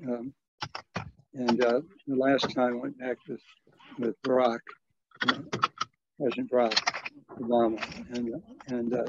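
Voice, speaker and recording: A man in his eighties, a retired priest, recounting his past in an interview in a halting way, with many restarts and soft chuckles. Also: medium pitch. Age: 80s. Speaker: retired Catholic priest and social worker. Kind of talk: reminiscing in an interview. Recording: dull, lo-fi, dry recording.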